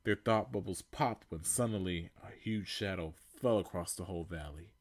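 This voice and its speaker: A man's voice: deep voice, normal speed, hardly any pauses, no echo. A male podcast host reading fan fiction aloud, amused, with laughing asides.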